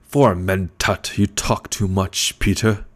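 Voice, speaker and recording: Man voicing a rumbling, gloating fat baron. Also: steady tone, measured pace. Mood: impatient. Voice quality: rumbling bass voice. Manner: gloating, purring, impatient. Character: fat scheming older male baron, gloating. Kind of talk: audiobook character reading.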